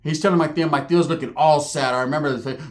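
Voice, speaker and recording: A man tells a rowdy comic story in a fast, slangy way. His speaking voice sits high. Now and then he breaks into squeaky put-on voices for the people in the story. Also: fairly even intonation. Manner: rapid slangy delivery, jumps into high squeaky character voices. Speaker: comedic storyteller. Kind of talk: profane comedic storytelling with put-on character voices.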